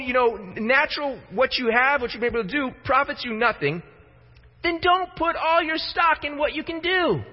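A man preaching a sermon, emphatic and repeating words as he starts his thoughts. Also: very high-pitched. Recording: reverberant hall, dull lo-fi sound.

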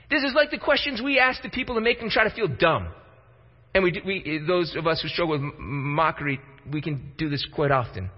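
A man's voice: sits high, very animated, fairly quick. A man preaching a sermon, emphatic and repeating words as he starts his thoughts. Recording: reverberant hall, dull lo-fi sound.

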